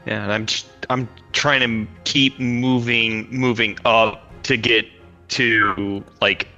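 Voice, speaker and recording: A man's voice: on the low side, fairly even intonation, takes it slowly, bright, forceful tone, lo-fi sound, faint music behind. A man playing a tabletop game, explaining his moves hesitantly. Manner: hesitant, searching for words. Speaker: player. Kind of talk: casual tabletop play.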